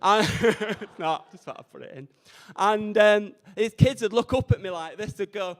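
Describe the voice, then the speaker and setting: A man's voice: high voice, normal speed. A young man, doing cheeky, camp, self-deprecating stand-up at an open mic night. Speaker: stand-up comedian. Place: community radio open mic event.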